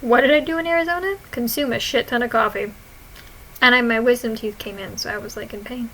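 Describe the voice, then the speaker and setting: A young woman vlogger casually reading out her own posts, giggling, swearing and retelling stories in an animated way. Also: on the high side, a little fast, slight background noise, rough recording.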